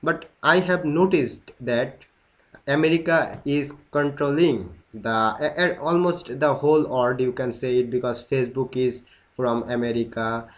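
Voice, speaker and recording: A man's voice: medium pitch, unhurried, poor audio. A man chats on a video call in a mid-range voice. He talks hesitantly and often repeats a word or restarts a sentence. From Bangladesh. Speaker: English-learner participant. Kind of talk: casual conversation on a video call.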